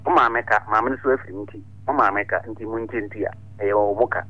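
A man's voice: fairly low pitch, fast talker. Older man giving advice over a tinny phone line. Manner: explains at length in short steady phrases. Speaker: radio caller giving advice.

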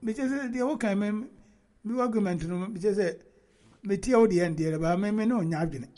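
A man hosting a casual football chat, animated and laughing often, talking over his co-host. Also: high voice, brisk.

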